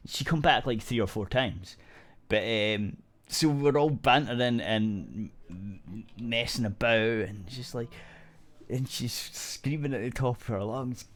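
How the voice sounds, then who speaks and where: A man's voice: mid-range voice, measured pace. A man co-hosting a podcast, telling a gaming story in loose, rambling casual chat with frequent restarts and casual swearing. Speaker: podcast co-host.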